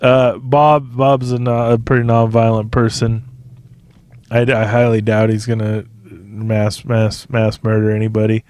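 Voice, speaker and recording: A man's voice: lowish voice, monotone, measured pace, a little mellow, clear, resonant tone, no echo. Profane rambling male podcaster. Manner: profane, digressive, laughs often. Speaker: podcast host. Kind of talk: rambling solo podcast monologue.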